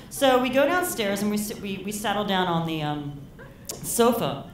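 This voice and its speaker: A woman's voice: mid-range voice, animated, normal speed, few pauses, background noise. Rambling woman telling a story live on stage. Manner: casual, rambling, heavy use of "like". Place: live storytelling event in a venue. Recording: roomy live hall, mic heard from a distance.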